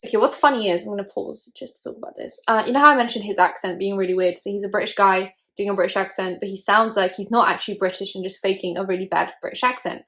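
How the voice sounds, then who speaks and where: A woman's voice: mid-range voice, steady tone, fast talker, hardly any pauses, fairly bright tone. Chatty young woman reacting to a movie. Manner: chatty, opinionated, lots of "like". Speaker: YouTuber host. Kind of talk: casual movie reaction commentary.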